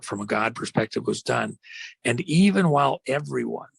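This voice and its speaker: A man hosting a podcast, retelling an old story as a dramatic monologue with slow emphasis and frequent fillers. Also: mid-range voice, lively intonation, no echo. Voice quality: gravelly. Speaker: podcast host.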